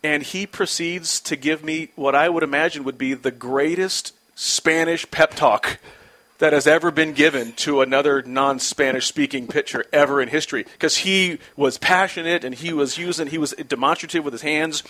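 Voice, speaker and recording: A man in his forties, a former pitcher, telling a story in a casual, animated way with many restarts. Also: moderate pace.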